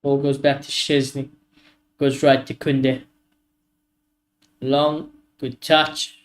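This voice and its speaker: A man hosts a live football watchalong stream, reacting to the match with excitable, frustrated commentary. His voice is medium-pitched and he speaks slowly, swearing often and addressing his chat.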